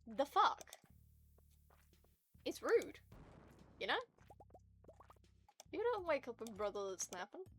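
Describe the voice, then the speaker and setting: A woman streaming to her viewers in casual chat, ranting in an animated and profane way. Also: high-pitched, measured pace, long pauses, soft background music.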